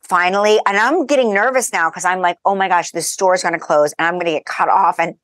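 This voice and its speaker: A woman as a podcast guest, telling lively anecdotes in casual chat and laughing as she goes. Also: fairly low pitch, fast, no room sound. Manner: animated, chatty, laughs through her stories.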